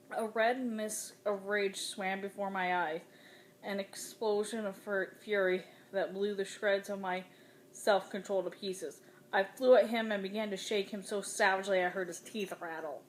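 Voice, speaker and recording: A woman reading a novel aloud in the first person with dramatic, expressive delivery. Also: medium pitch, normal speed, a little hiss or hum. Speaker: audiobook reader.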